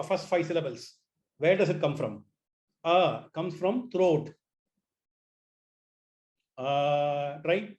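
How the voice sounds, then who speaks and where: In an online class, a man with a slightly high, darkish voice teaches his students. He often restarts phrases, repeats words, and encourages the class to try saying the sounds after him.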